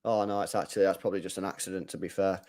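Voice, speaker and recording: A man hosting a live football watchalong, chatting casually, reading viewer comments and getting loud when play heats up. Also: deep voice, racing. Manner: chatty, swings from mumbling to excited shouting. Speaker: live stream host.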